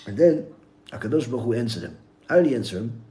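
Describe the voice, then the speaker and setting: A man, a rabbi, giving a Torah lecture in English sprinkled with Hebrew terms, telling stories with big swings from hushed to loud. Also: mid-range voice, expressive, fast talker.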